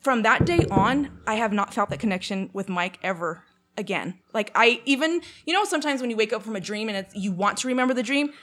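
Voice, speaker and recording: A young Canadian woman speaks fairly quickly in a slightly high voice, telling a long personal story in casual conversation. Animated and filler-heavy, she acts out the quotes.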